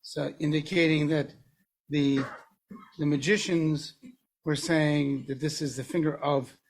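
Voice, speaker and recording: A man's voice: a little high, steady tone, measured pace. A man in a study class making an earnest point about the wording of the text. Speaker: class participant.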